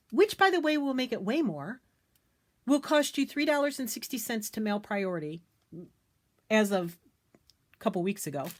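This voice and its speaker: Middle-aged American woman, higher voice, craft vlogger venting to camera, emphatic and indignant. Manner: animated, indignant, emphatic repetitions. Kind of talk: casual ranting story to camera.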